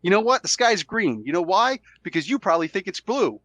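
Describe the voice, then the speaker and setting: A man hosting a podcast while sick with a cold, arguing his side in a casual, animated way and acting out quotes. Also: high-pitched, a little fast, dry recording. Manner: animated, argumentative, acts out quotes. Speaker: podcast host. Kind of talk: casual debate chat.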